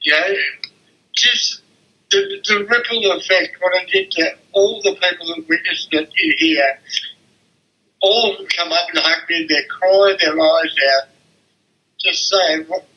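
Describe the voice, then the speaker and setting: A man's voice: a little high, fairly even intonation, unhurried, bright, forceful tone. Shaken older man on a phone line. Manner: distressed, swearing, repeating himself. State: shaken and tearful. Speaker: interviewee. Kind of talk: emotional phone interview.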